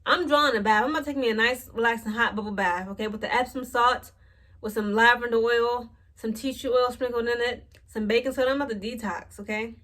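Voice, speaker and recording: A woman's voice: a little high, steady tone, fast talker, a bit bright. Blunt, exasperated young woman ranting. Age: late 20s. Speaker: vlogger. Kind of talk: casual storytelling rant.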